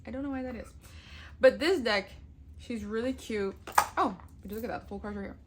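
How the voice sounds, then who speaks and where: A woman's voice: on the high side, a little fast, very noisy. A young woman chatting casually on camera as a vlogger, gushing, swearing freely and laughing often. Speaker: tarot vlogger. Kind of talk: casual chat.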